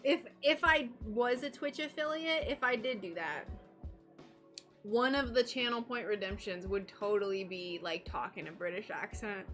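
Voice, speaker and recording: A woman's voice: medium pitch, moderate pace, a bit bright, soft background music. A young woman from North Carolina, chatting casually and rambling while she works on a livestream, giggly and a little self-conscious. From North Carolina, USA. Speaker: stained glass livestreamer. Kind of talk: casual chat while working.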